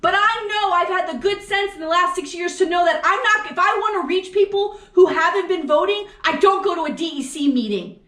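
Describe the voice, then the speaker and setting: A woman's voice: very high-pitched, fairly quick, pushed and bright. A woman co-hosting a podcast, venting furiously about politics in a profane rant, with lots of rhetorical questions. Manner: angry, profane ranting. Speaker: podcast co-host. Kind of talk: heated political chat. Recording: echoey room.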